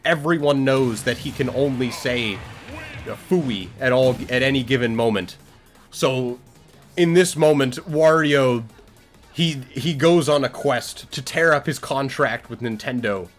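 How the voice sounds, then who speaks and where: A man's voice: medium pitch, measured pace, soft background music. A young man live-streaming, improvising a silly story in a rambling, playful way and talking straight to his chat.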